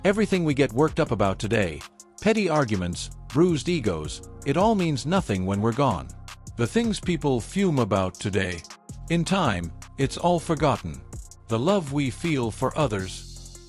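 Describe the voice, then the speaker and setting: A man narrating a documentary script in a reflective, measured voice. His pitch moves expressively through each line, over faint music. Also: sing-song.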